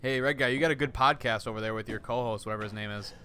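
A young man streaming a horror game, talking to his chat in an excitable, jumpy way with lots of swearing. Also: medium pitch, rapid-fire, slight background noise. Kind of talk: live gameplay commentary. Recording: voice over game music. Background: game music.

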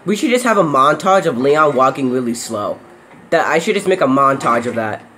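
A man's voice: mid-range voice, expressive, moderate pace, pushed and bright, a little hiss or hum. A young man casually commenting on his own horror game playthrough, jumpy and yelping when startled. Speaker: gameplay commentator. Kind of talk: casual let's-play commentary.

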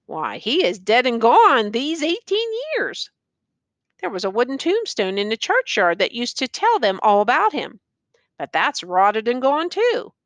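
A woman's voice: on the high side, big pitch swings, measured pace, dry recording. A woman voicing an old village man with a thin, piping voice. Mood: matter-of-fact.

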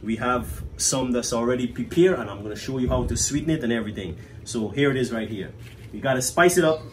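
A man with a Guyanese accent walks viewers through a cooking demonstration in a relaxed, chatty way, often checking in with "right?". His voice sits at an ordinary middle pitch, with a faint hum of noise behind him. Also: fast talker. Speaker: cook and cafe owner.

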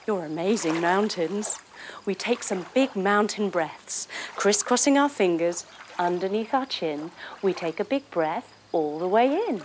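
With a medium-pitched, expressive voice and no rush, a young woman guides children through a yoga story, playful and singsong, packed with sound effects and movement cues, over a noisy background.

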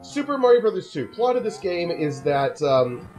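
A man's voice: a little high, big pitch swings, moderate pace, darkish tone, faint music behind, poor audio. A man hosting a let's play, chatting casually and explaining the plot of the game as he plays.

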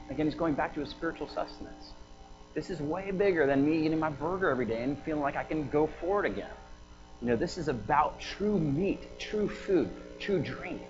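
A man's voice: mid-range voice, lively intonation, quick pace, lo-fi sound, music in the background. A man preaching a sermon in a conversational way, with laughing asides and fillers. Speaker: pastor. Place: church prayer house.

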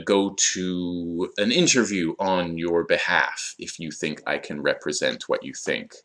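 A man with a lowish voice teaches English vocabulary. He explains each word at an unhurried, drawn-out pace and fills the pauses with "um" and "uh". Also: a bit bright. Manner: slow, deliberate explanations with fillers. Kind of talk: vocabulary lesson.

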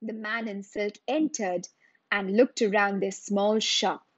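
Slow, measured woman storyteller. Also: medium pitch, steady tone, husky, no echo, lo-fi sound. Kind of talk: children's story reading.

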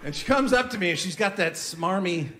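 A man with a high voice and lively intonation tells a story fairly quickly during a stand-up set, using punchy delivery and mocking voices. It's a live comedy club recording, full of crowd noise and audience laughter.

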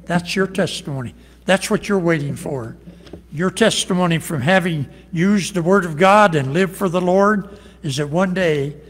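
Homespun preacher, fairly high male voice, earnest folksy sermon in a big echoing church. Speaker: pastor. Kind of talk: evening worship sermon and closing prayer. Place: church sanctuary. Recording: long reverb of a large hall.

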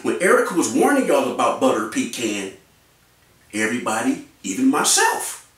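Brief: fired-up male vlogger, AAVE, lively pitch swings, mic at a distance in a very echoey room. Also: moderate pace. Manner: animated, repetitive, mocking. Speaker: YouTube commentator. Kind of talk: ranting commentary.

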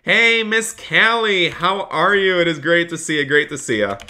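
A man's voice: a little high, lively intonation, moderate pace, bright, forceful tone. A man live-streaming a game, chatting upbeat with viewers and thanking them by name while playing a polite police officer. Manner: slips into a polite officer role with players. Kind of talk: live-stream gameplay commentary with police role-play.

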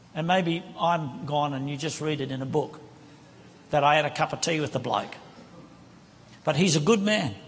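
In a reverberant hall of a large church sanctuary, with the congregation present, a male guest preacher gives a sermon from the pulpit. He speaks on a handheld microphone in an impassioned, conversational style, his voice on the high side and fairly bright.

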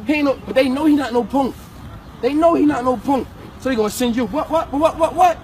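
Urgent high-voiced man lecturing on the street. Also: fairly quick. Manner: urgent, repetitive, slangy, peppered with "yo". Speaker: passerby addressing teenagers. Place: city street, outdoors. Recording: distant phone recording with street noise.

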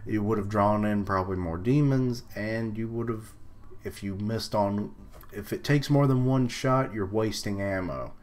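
A man's voice: fairly low pitch, unhurried, a little mellow. A young man reading manga panels aloud and commenting in a casual live reaction, with frequent fillers and little laughs.

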